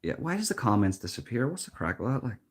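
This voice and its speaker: A man's voice: mid-range voice, big pitch swings, fast, breathy edge. An Irish man hosting a live stream, giving earnest, emphatic commentary and often repeating words as he thinks, recorded without a proper microphone. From Ireland. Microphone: built-in device mic, no external mic.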